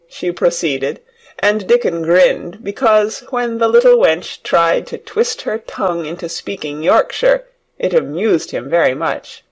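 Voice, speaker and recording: Audiobook narrator for learners, clear, lots of ups and downs in the voice. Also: medium pitch, expressive, a little slow.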